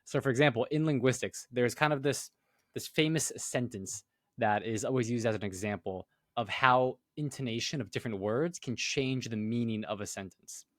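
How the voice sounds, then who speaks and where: A man's voice: mid-range voice, moderate pace, no echo. A young man with an ordinary mid-range voice, laying out an argument at length in casual podcast chat. He teases his co-host between explanations. The recording is dry and close. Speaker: podcast co-host presenting survey results.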